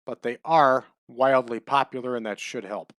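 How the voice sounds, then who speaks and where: A man giving relaxed, chatty commentary over a wrestling management game, adding trivia as he goes. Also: medium pitch, normal speed, no room sound, clean studio sound. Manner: laid-back, chatty, adds wrestling trivia.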